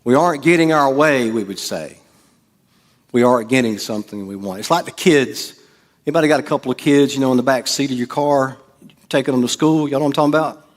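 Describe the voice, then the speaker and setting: A middle-aged man, preaching a sermon as pastor, swinging from hushed asides to loud, animated delivery. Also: medium pitch, fast talker, in a large hall.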